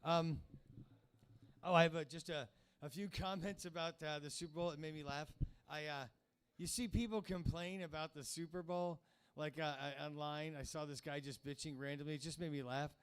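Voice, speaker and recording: A man's voice: on the high side, steady tone, normal speed, clear, resonant tone. A man in his fifties hosting a comedy show, talking to the crowd in a rambling, profane, conversational stand-up manner. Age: 50s. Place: comedy club stage.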